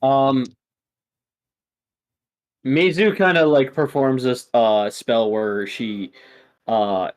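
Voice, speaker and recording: A man's voice: medium pitch, steady tone, extremely slow, long pauses. Guy running a tabletop game, mid voice, lots of uhs, laid back. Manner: casual, hesitant with fillers. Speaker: game master.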